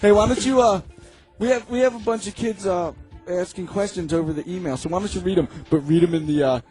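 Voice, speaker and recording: High-voiced radio host egging others on. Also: male voice, fast, mellow, soft background music. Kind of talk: casual radio banter.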